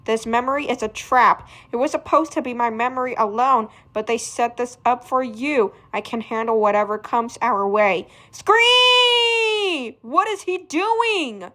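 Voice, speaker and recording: High bright-voiced woman reading aloud. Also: fairly even intonation, moderate pace, hardly any pauses. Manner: shouts sound effects and alarmed lines. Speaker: fan reader. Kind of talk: reading a graphic novel aloud with character voices.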